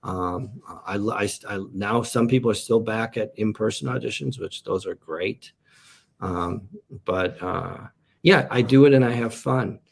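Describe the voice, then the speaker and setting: A man's voice: lowish voice, unhurried, gravelly, slightly rough. A man, a comedian and actor, chatting as a guest in a casual interview and telling meandering stories.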